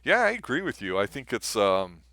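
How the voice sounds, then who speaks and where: A man's voice: mid-range voice, huge pitch swings, moderate pace, sharp tone, no echo, clean studio sound. A man hosting a live movie review show in easygoing, casual chat. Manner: easygoing, laughs along.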